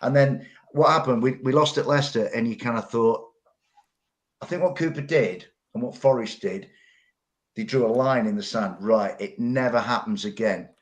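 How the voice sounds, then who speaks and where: A middle-aged man, chatting on a football podcast. His pitch sits mid-range for a man, and he tells long stories and restarts his words as he goes. The talk is loose and conversational. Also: normal speed. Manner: long-winded storytelling, repeats words. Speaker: pundit. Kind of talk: casual football podcast chat.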